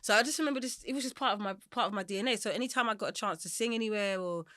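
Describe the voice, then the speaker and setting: A woman's voice: medium pitch, no echo, studio quality. A middle-aged woman with a London accent, telling her life story in a candid, rambling interview and laughing easily. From Germany and South London. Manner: rambling, animated, quick to laugh. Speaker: singer-songwriter guest.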